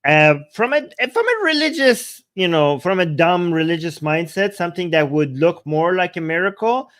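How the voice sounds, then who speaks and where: A man's voice: a little high, very animated, moderate pace, a bit bright. A man hosting a debate show, reacting to a clip with angry, indignant commentary and repeating himself. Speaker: host.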